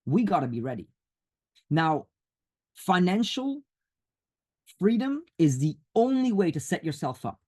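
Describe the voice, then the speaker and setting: A husky, slightly high-pitched man speaks over a video call. He presses his points hard and comes back to the same warnings again and again, like a motivational speaker on a group webinar. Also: a little mellow. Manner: insistent and emphatic, repeats warnings. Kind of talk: urgent motivational talk.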